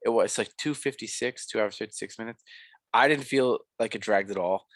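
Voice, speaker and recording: Reviewing a film on a podcast he co-hosts, a young man rambles casually, piling up fillers and correcting himself as he restarts sentences. He speaks a little fast in a fairly low voice. There's no echo.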